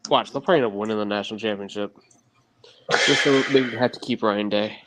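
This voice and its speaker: Panelist: wry, teasing man with a lowish voice; clear background noise and clicks. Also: fast talker. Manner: wry, teasing trash talk. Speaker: podcast panelist. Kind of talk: casual sports podcast chat.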